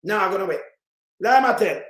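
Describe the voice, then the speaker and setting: A man's voice: sits high, expressive, brisk, a bit bright, echoey room. A Jamaican man giving heated, mocking commentary in patois as he reacts to played clips. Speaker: political commentator.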